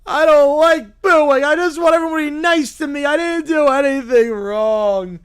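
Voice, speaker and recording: A man's voice: extremely high pitch, normal speed, fairly bright tone, pitched above the performer's own voice. A man voicing a whiny, sulky little boy bear who complains nonstop. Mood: whining. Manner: whining, complaining.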